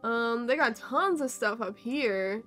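Young woman gaming streamer, high and bright, jokey quick reactions. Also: animated, faint music behind. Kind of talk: casual game commentary.

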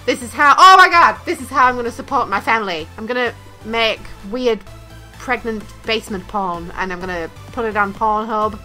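A woman's voice: fairly high pitch, normal speed, sharp tone, soft background music. A woman hosting a let's play, giving casual gameplay commentary with blunt, profane jokes and frequent giggling.

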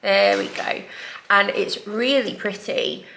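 A woman in her thirties talks through her makeup in a chatty, rambling way, laughing at herself as she goes. Her voice is bright and crisp, with a gravelly fry running through it. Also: mid-range voice, steady tone, takes it slowly, slight background noise. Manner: chatty, rambling, self-deprecating. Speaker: vlogger, mum. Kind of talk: casual get-ready-with-me makeup chat. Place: home, morning.

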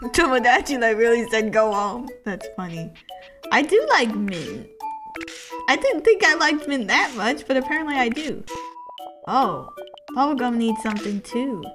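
A woman's voice: fairly high pitch, moderate pace. Giggly young woman streaming a game. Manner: giggly, excitable, bursts into laughter. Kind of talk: casual gameplay live stream. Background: game music.

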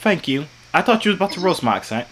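A man's voice: high-pitched, big pitch swings, fast, fairly bright tone. A young man chatting with strangers online while putting on a fake British accent. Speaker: video chat prankster. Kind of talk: prank video chat.

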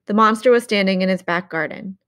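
A woman reads a novel aloud in an audiobook. Her narration is measured and expressive. Her voice sits at a medium pitch. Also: clear, resonant tone. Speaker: audiobook reader.

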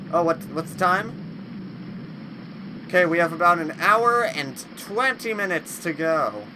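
A man playing a horror game on video, who talks to it and shouts at the monsters in a high voice that leaps all over the place. He mostly speaks slowly and draws out his words. A steady noise sits under the recording. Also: rough recording. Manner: loud, excitable, yelling insults at game monsters. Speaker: gaming video host. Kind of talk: let's play commentary.

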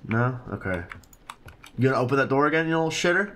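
A man's voice: mid-range voice, animated, fast, fairly bright tone, a little hiss or hum. A man giving casual, profane let's-play commentary and teasing the baby in the game. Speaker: gaming channel host.

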